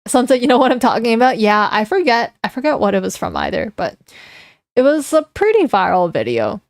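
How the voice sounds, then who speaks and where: A chatty young woman streams from a desk mic, her voice sitting a little high and sounding close and dry. She giggles often and reads chat messages aloud before reacting to them. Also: very animated, fairly quick, no echo. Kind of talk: casual live-stream chat.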